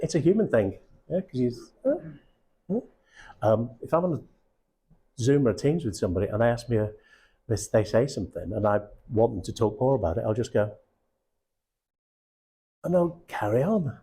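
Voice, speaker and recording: A man's voice: fairly low pitch, mellow, breathy edge. A middle-aged man coaching recruiters, blunt and casual, swearing freely and checking in with his audience. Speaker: sales coach. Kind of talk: live coaching session.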